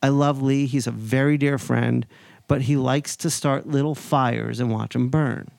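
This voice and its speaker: A man in his forties spins a casual anecdote and slips into other people's voices as he goes. His voice has a gravelly edge. The sound is dry and close, with no room around it. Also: mid-range voice, measured pace, no echo. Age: 40s. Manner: animated anecdote-telling, acts out other people's lines. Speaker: podcast host. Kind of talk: casual storytelling chat.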